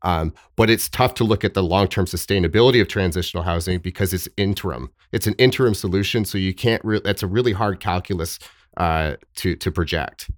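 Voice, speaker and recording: A man speaking as a podcast guest, thoughtful and halting with frequent restarts and fillers. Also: deep voice, no room sound, studio quality. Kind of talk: podcast interview.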